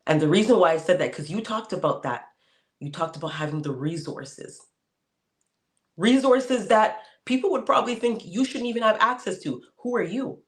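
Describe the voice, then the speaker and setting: A man hosting a podcast, talking casually and telling stories with animated, laughing energy. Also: high-pitched, normal speed. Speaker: podcast host. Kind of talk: casual conversation.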